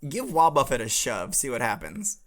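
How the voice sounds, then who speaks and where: A man's voice: mid-range voice, sing-song, crowd noise, lightly acted. A man hosting an improvised comedy role-play as a cheerful professor, upbeat and teasing. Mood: playful. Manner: upbeat, teasing, quick to laugh. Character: cheerful male professor teaching a class. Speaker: host.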